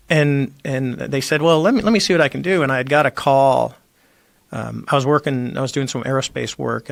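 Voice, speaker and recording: A man's voice: medium pitch, vocal fry, fairly bright tone, no echo. A middle-aged man, a former Navy squadron commander, telling his story as a podcast guest and acting out the voices he quotes. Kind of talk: casual storytelling interview. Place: podcast studio.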